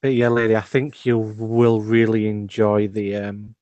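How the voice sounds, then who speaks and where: Soft-spoken man on a dry call. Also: fairly low pitch, level tone, unhurried, no room sound, muffled recording. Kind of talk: casual video-call chat.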